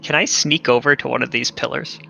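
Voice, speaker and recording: A man's voice: mid-range voice, fairly even intonation, fairly quick, gravelly, bright, forceful tone, soft background music, rough recording. A man playing in a tabletop game, talking casually and hesitantly. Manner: hesitant, restarting. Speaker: player.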